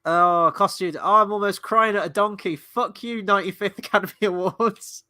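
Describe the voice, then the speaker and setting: A man hosting a live movie-night stream, chatting casually and excitedly and swearing freely. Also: high voice, moderate pace, no echo. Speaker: livestream host and movie reviewer. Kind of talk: casual live watchalong commentary.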